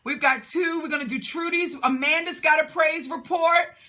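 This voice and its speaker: A woman's voice: sits high, fairly even intonation, pushed and bright. A woman hosting a live call for business owners, exuberant, cheering and whooping as she reads out comments. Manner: rapid-fire when listing questions.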